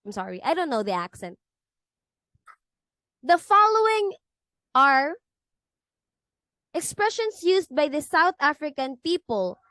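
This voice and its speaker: A woman reads a lecture presentation from a script, catching on words now and then and restarting her sentences. Her voice sits high and moves through lively rises and falls. The sound is dry and close. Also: slow pace, long pauses, no echo. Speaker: student presenter.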